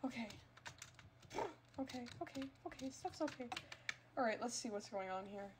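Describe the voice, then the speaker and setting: A woman's voice: on the high side, lively intonation, moderate pace, noisy background. A woman streamer chatting casually with her live chat during gameplay, teasing them and breaking into melodramatic squeals.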